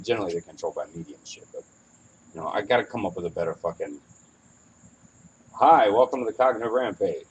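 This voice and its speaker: A man's voice: medium pitch, low-quality recording. A man in the middle of his voice range chats casually as a podcast host, wandering through his thoughts and swearing freely. Faint crickets and insects hum behind him. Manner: candid, rambling, swears freely. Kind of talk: casual chat. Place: outdoors on a porch at evening.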